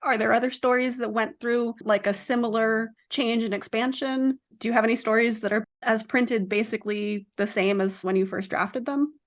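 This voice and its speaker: A woman's voice: on the high side, steady tone, normal speed, hardly any pauses. A woman co-hosting a podcast, asking the guest conversational follow-up questions. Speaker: podcast co-host. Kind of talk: interview questions.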